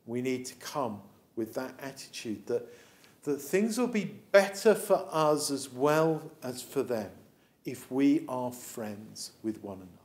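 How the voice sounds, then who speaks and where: A man's voice: medium pitch, a little slow. A man with an English accent, a vicar telling a Bible story as a children's talk, acting out the characters as he goes. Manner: animated storytelling, acts out the characters.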